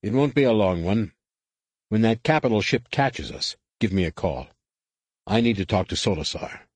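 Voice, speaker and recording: A man's voice: on the low side, lively intonation, normal speed, no room sound. A man voicing a confident, wry male starship captain in an audiobook, giving orders with dry humor. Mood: commanding.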